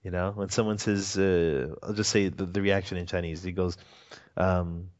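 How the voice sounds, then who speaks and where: Male interview guest, casual rambling storyteller, very low voice, muffled recording. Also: fairly even intonation, normal speed, darkish tone. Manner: rambling, many fillers and restarts, chuckles often. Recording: dull lo-fi audio.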